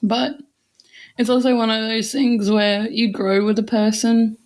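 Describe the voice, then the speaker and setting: A woman in her twenties co-hosting a podcast, telling stories in a casual, animated way with lots of laughter. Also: a little high, unhurried. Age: 20s. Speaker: podcast co-host. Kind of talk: casual chat.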